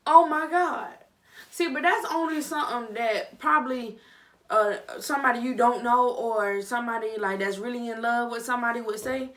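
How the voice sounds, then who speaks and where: A woman's voice: a little high, brisk, far from the mic. Chatty young woman, a bit off-mic. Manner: chatty, animated, dramatic reactions. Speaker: vlogger reviewing a reality show. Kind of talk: casual chat.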